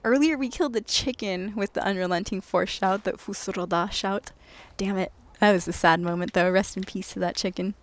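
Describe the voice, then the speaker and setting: A woman's voice: mid-range voice, fairly quick. A woman game streamer chatting casually to her viewers, laughing often and talking straight to them. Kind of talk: casual live-stream chat.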